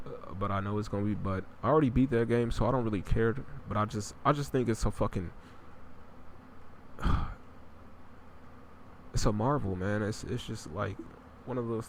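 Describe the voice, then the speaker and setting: A man's voice: fairly low pitch, slight background noise. A young man hosting a podcast, chatting casually about video games in a blunt, profane, rambling way. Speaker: podcast host. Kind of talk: casual gaming chat.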